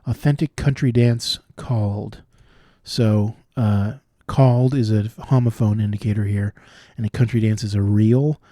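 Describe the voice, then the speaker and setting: A man solving cryptic crossword clues out loud, thinking through each one and explaining the wordplay as he goes. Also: on the low side, fairly even intonation, a little slow, dry recording, studio quality. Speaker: puzzle solver.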